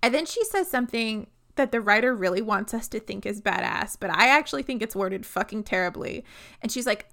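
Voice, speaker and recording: Sarcastic, gravelly-voiced woman podcaster. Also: on the high side, animated, a little fast, pushed and bright. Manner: sarcastic, blunt, swears freely. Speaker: book podcast co-host. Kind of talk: casual book recap chat.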